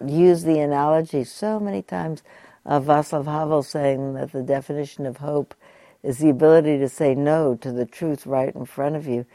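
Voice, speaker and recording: A woman meditation teacher giving a dharma talk, telling a story gently and unhurriedly, with asides to her listeners. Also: low-pitched, fairly even intonation, normal speed, dry recording.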